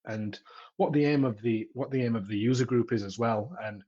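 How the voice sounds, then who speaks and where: A man with a Yorkshire accent chats casually on a podcast, doubling back and repeating words as he goes. His voice is husky, and the recording sounds muffled and lo-fi. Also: medium pitch, a little fast, warm tone. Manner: chatty, frequent restarts and repeated words. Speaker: podcaster and tech content creator.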